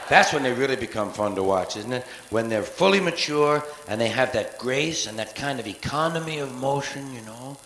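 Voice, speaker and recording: A man's voice: medium pitch, animated, moderate pace, hardly any pauses, fairly bright tone, echoey room, a little hiss or hum. A man in his forties doing a profane, sarcastic stand-up routine on a live theater stage, recorded from the soundboard. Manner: profane, sarcastic, acts out cat voices. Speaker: stand-up comedian.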